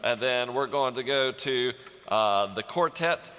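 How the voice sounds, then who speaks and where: A man's voice: medium pitch, unhurried, a bit bright, a little hiss or hum. A man leading an orchestra rehearsal, upbeat, scatting rhythms and counting the players in. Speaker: music director leading rehearsal. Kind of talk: rehearsal instructions. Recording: long hall reverb, faint music behind.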